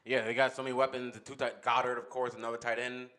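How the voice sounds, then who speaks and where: A man co-hosting a sports podcast, talking in a relaxed, casual way. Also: medium pitch, fast. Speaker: podcast co-host.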